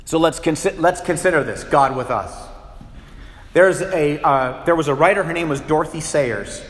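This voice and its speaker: Pastor preaching in an echoey hall. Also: male voice, on the high side, normal speed. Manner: animated, acts out little scenes with shifting voices. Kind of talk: sermon.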